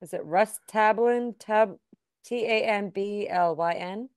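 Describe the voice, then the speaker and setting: A woman co-hosting a radio show in casual banter, chiming in with quick questions. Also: medium pitch, darkish tone, clear, resonant tone, dry recording, studio quality.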